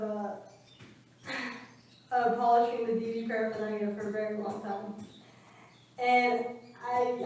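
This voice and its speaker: A woman's voice: fairly high pitch, a little mellow, a little hiss or hum. Woman speaking in an echoey hall. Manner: storytelling with acted quotes. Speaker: class speaker. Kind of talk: scripture class talk. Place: temple room. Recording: echoey room from far off.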